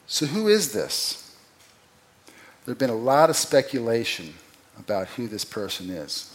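A man preaching an expository sermon, who asks the listeners rhetorical questions and swings from loud emphatic peaks to quiet, low drops. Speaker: pastor.

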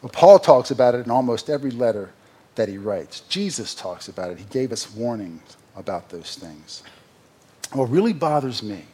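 A pastor delivers a sermon in a husky, slightly breathy voice. He is earnest and direct. He swings between emphatic, rising peaks and quiet, low confiding passages, with sarcastic asides along the way.

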